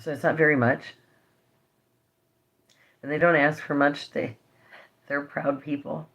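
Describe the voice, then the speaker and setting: A woman speaking to her viewers in an earnest, impassioned vlog update. Her voice carries a gravelly, creaky edge, and she sounds emotional, as if holding back tears. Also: low voice, little pitch movement, unhurried, a bit bright. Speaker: vlogger. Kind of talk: direct-to-camera vlog update.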